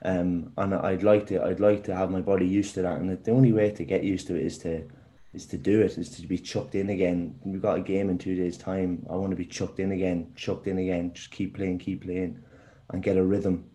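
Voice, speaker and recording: Deep, mellow-voiced young man. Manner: halting, repeats words, relaxed. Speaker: footballer guest. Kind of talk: casual podcast interview.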